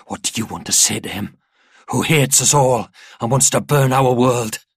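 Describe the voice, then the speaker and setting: A man's voice: medium pitch, normal speed, breathy edge, no echo, clean studio sound, pitched above the performer's own voice. A man playing a stern, devout soldier father who barks commands at his daughter. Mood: insistent. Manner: commanding, insistent.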